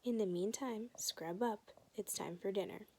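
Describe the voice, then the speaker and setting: A woman reading the lines of a calm, patient father in her own voice. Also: medium pitch, measured pace, close to an everyday voice. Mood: firm.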